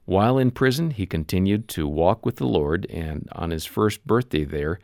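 A man hosting a Christian radio program, narrating a story in a measured, earnest way. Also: sits low, lively intonation, gravelly, a little mellow, no room sound, clean studio sound. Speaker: radio ministry host.

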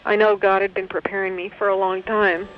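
A woman's voice: mid-range voice, level tone, brisk, a little hiss or hum. Woman giving heartfelt testimony over the phone. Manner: heartfelt, conversational, with hesitations. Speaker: guest recounting her experience. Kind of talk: personal testimony. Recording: dull lo-fi phone call.

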